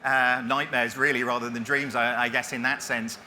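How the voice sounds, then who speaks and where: A man's voice: mid-range voice, flat delivery, moderate pace, bright, forceful tone, slight background noise. A man in his forties giving a self-deprecating conference talk, with many restarts as he tells his story. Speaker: keynote speaker. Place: conference stage.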